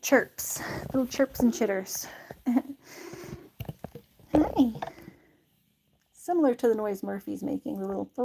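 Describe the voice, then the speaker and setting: A woman's voice: on the high side, animated, slow, vocal fry, pauses often, mellow, a little hiss or hum. A young woman chatting casually on a live stream while playing with her cats, laughing often and talking sweetly to them. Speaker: vlogger playing with pets. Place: indoors in a warm room.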